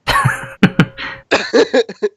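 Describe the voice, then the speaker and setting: A man playing a tabletop game, hesitant with many ums and quick to giggle. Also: a bit bright, no echo. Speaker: player. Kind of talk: tabletop role-play.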